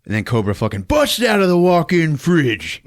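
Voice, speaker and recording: A man's voice: on the high side, big pitch swings, moderate pace, no echo, clean studio sound. A man hosting a podcast, recapping a movie in a casual, profane, laughing storytelling style. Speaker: podcast host.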